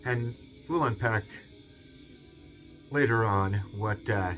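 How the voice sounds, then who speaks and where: A man's voice: fairly low pitch, slow, a bit bright, soft background music. A man with a Seattle accent hosting a video essay in a rambling, digressive monologue full of fillers, musing aloud. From US West Coast.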